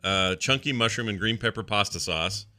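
Bright-voiced laid-back male podcast host. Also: lowish voice, moderate pace, no room sound. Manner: laid-back, joking, talks while snacking. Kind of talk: casual chat.

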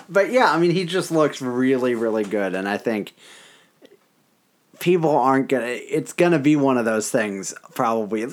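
A man co-hosting a casual sports podcast, chatty and joking, with many asides and fillers. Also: mid-range voice. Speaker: podcast co-host.

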